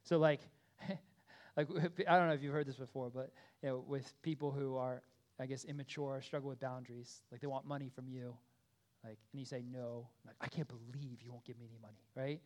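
A man in his thirties preaching a sermon in an earnest, conversational way, often checking in with the congregation and swinging from loud emphatic pleas to quiet asides. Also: mid-range voice, fairly even intonation, moderate pace. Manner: earnest, conversational with frequent "okay?" and "right?" check-ins. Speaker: pastor.

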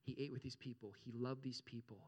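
A man preaching a sermon as pastor, animated, repeating phrases and checking in with his congregation. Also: quick pace. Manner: animated, addresses congregation with frequent check-ins; repeats phrases, rises in pitch and volume for emphasis.

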